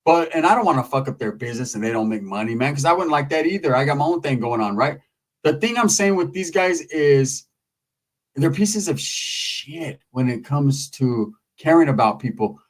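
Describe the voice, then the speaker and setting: Profane, storytelling man with a raised pitch. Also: lively intonation, normal speed. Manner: profane, storytelling, mimics others in loud high voices. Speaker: YouTube commentator. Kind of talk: casual commentary monologue.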